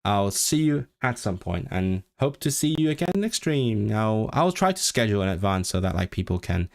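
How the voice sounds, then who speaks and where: A young man hosting a casual livestream, rambling and often correcting himself while he slowly reads practice sentences aloud. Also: fairly low pitch, big pitch swings, creaky. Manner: rambling, self-correcting, chatty. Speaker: livestream host.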